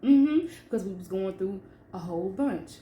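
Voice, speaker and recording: A woman author sharing a personal story with emphatic, animated delivery, then reading from her book. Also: mid-range voice, moderate pace, lo-fi sound. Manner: emphatic and animated, with swings in loudness. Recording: echoey room.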